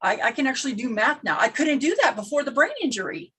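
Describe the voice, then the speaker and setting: A woman's voice: high voice, animated, fast talker, fairly bright tone, breathy edge, low-quality recording. A woman in casual chat on a video call, telling a personal story earnestly with restarts. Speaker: participant in a craft video call.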